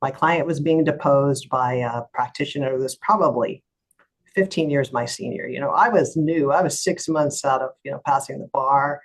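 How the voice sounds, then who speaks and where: Husky-voiced woman telling a lively story. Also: a bass voice, normal speed, low-quality recording. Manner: animated retelling, acts out other voices. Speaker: lawyer and guest. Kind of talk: storytelling in an interview.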